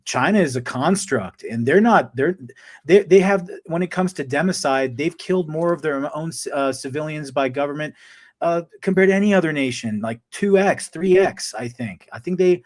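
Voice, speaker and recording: A man hosting a podcast, speaking in casual conversation with halting starts and restarts. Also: a little high. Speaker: podcast host.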